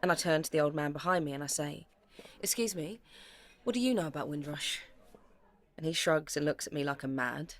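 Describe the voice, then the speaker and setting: A low-voiced searching daughter. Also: female voice, fairly quick. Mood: earnest. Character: young British woman, daughter searching family history. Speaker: narrator. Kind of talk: present-tense dramatic narration.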